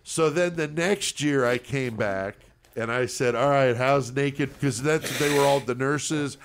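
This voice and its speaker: A man, co-hosting a podcast and telling a profane story in a lively way, and he mimics the voices of the people in it. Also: medium pitch, unhurried, vocal fry, background noise. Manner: animated, profane, mimics voices in his stories. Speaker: podcast co-host. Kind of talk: casual storytelling.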